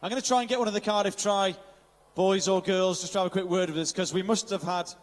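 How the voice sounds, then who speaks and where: Fast and steady in tone, a man's high voice rings as if in a large hall while he calls the finish of an outdoor triathlon. Upbeat, he announces and interviews, reeling off names of finishers and slipping in Welsh.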